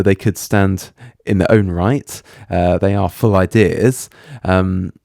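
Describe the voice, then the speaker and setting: A man teaching a recorded writing lesson over slides, explaining patiently and reading example sentences aloud slowly and deliberately. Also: fairly low pitch, dark tone, dry recording, clean studio sound.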